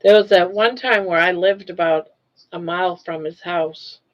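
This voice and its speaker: A woman's voice: lowish voice, steady tone, normal speed, lo-fi sound. An older woman from Maine with a Down East accent, chatting casually on a livestream from her couch, laughing easily as she answers viewers. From Portland, Maine. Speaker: livestream host. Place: home couch. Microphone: phone.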